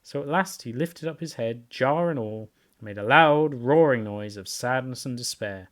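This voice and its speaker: A man's voice: mid-range voice, moderate pace. Man expressively reading a storybook aloud. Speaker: reader, show host.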